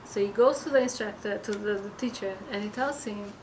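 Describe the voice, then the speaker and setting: A woman's voice: mid-range voice, fairly quick, noisy background. A woman giving an informal weekly religious class, earnest and advising, with many fillers and restarts.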